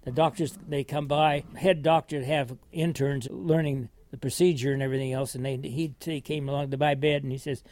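A man's voice: medium pitch, fairly even intonation, brisk, hardly any pauses, darkish tone, no echo. An older American man, a war veteran, telling his story in a rambling, folksy way with frequent chuckles. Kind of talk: oral history storytelling.

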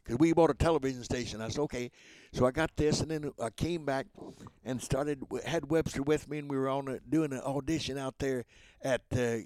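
A man in his nineties, a voice actor, telling rambling, lively anecdotes in an interview, with many restarts. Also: mid-range voice, brisk, no room sound. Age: 90s. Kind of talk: casual storytelling interview.

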